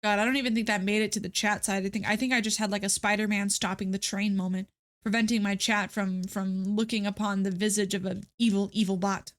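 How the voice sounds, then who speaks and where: A woman's voice: medium pitch, level tone, a little fast. A young woman streamer chatting casually to her viewers, ranting with dramatic, exasperated outbursts. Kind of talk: casual live-stream chat.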